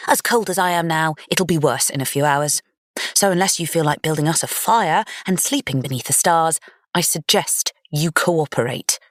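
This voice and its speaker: Brief: sharp-tongued young bride , voiced by a woman, low and dry, challenging. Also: moderate pace, no echo, natural voice. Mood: defiant. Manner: snappish, challenging. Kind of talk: audiobook character reading.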